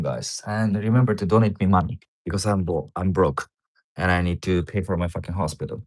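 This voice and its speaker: Low-voiced man rambling on a livestream. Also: fairly even intonation, brisk, a little mellow. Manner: rambling, repeats words, swears casually. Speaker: livestreamer reading a paper. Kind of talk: casual livestream commentary.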